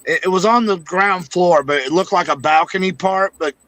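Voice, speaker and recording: Joking ex-wrestler guest, man, high and bright, recorded dry; swears freely in stories. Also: normal speed, dry recording. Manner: profane, joking anecdote teller. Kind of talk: casual podcast chat.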